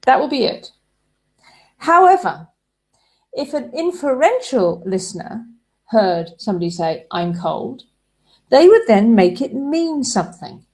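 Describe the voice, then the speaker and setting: A woman's voice: high voice, sing-song, measured pace, darkish tone. A woman giving a relationship advice talk, explaining ideas through everyday examples.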